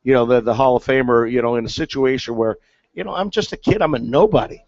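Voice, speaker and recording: A man's voice: mid-range voice, fast talker, a little mellow. A man, a former catcher, telling a story in casual chat with lots of fillers and restarts. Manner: rambling, many fillers and restarts. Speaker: guest, former big-league catcher. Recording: dull, dry, lo-fi sound.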